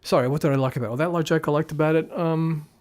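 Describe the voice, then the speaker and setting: Guy ranting through a casual movie review, kinda high voice, rambly and critical. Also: fairly even intonation, racing, darkish tone. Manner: rambling, critical, thinking aloud. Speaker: film reviewer. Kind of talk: casual spoken film review.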